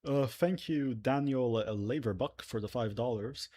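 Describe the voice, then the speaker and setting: A man's voice: mid-range voice, unhurried, mellow. A man hosting a livestream in casual chat, reading donations aloud with joking asides. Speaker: livestream host.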